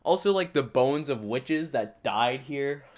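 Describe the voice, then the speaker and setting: A man hosts a reaction video, riffing on what he watches in casual comedic commentary. He is excitable and sarcastic, full of quick asides. His voice sits at an ordinary male pitch.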